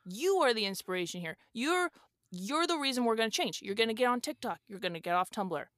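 A woman's voice: on the high side, lively intonation, a little fast, fairly bright tone, no echo, studio quality. A woman playing a young, rich, airheaded male influencer who talks in a slangy, rambling, defensive drawl as a guest on a comedy podcast. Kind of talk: improvised comedy podcast sketch.

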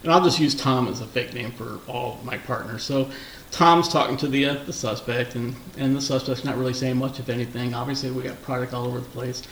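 A man, a former undercover narcotics officer, telling anecdotes in a relaxed, storytelling interview manner. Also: mid-range voice, brisk. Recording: echoey room, distant mic, faint noise.

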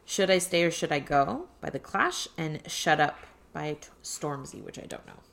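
Low-voiced woman reading quiz options. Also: lively intonation, moderate pace, gravelly, a bit bright. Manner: reads quiz options aloud in a list. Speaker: podcast co-host. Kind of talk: casual chat.

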